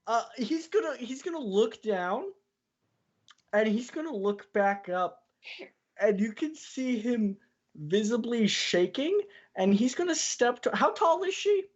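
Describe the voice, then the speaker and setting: A woman at a tabletop game who describes her character's actions in an expressive way. Her pitch moves a lot as she talks. The recording sounds dull and lo-fi. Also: a little slow. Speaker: player.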